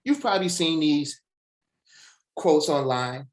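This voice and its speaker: Animated motivational speaker, a man. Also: high-pitched. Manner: animated, with dramatic pauses and word-by-word emphasis; direct address to the audience. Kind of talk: motivational webinar talk.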